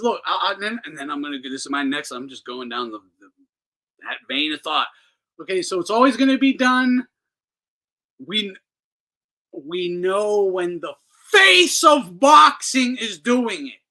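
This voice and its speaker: Man, boxing show host, heated profane rant, lively swinging pitch, sharp bright tone. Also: low-quality recording. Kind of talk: ranting commentary.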